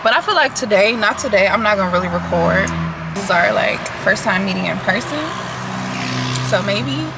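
A young woman talks straight to her camera from a tripod in her car as she drives through traffic. Her voice has a gravelly edge, and she chats in a loose, slightly nervous way. Loud road noise rumbles underneath. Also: animated, moderate pace. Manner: chatty, nervous, laughing asides. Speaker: vlogger. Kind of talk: casual car vlog chat.

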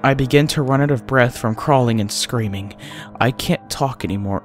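A man narrating a first-person horror story, often dropping to a hushed, breathy delivery at tense moments. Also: mid-range voice, normal speed. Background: faint music.

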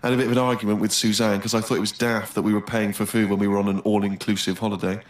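A man on a comedy podcast reading diary entries aloud in a dry, deadpan way. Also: fairly low pitch, very fast. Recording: roomy noisy podcast recording.

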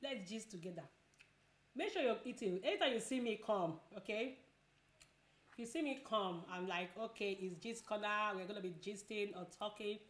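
A woman's voice: medium pitch, moderate pace, reverberant. A woman chatting casually while eating, giving advice and repeating herself a lot. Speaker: vlogger.

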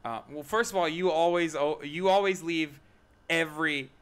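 A man's voice: a little high, moderate pace, fairly bright tone, clean tone. A young man hosting a casual live stream, rambling, joking and swearing often. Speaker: streamer host.

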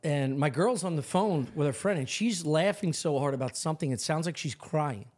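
A man co-hosting a comedy podcast, telling a rambling story in a profane, animated way. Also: a little high, normal speed. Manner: profane, animated, mimics a neighbor in quotes. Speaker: podcast co-host.

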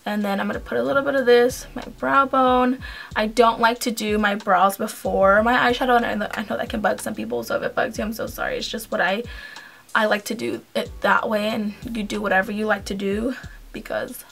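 A woman's voice: medium pitch, brisk, creaky, fairly bright tone. A young woman chatting casually at home through a makeup tutorial, rambling with frequent "like" and "um". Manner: chatty, rambling, uses "like" and "um" often. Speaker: beauty vlogger.

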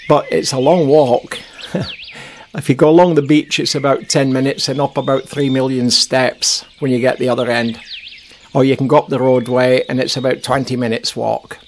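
A man's voice: medium pitch, creaky. A Scottish man narrating a walking tour outdoors on a nature walk, chatty and jokey, laughing at his own asides. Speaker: vlogger. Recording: faint outdoor noise with birdsong. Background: birdsong.

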